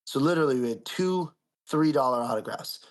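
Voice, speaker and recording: A young man co-hosting a podcast, telling an indignant story in a casual, animated way with lots of "like". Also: mid-range voice, brisk. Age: young adult. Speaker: podcast co-host.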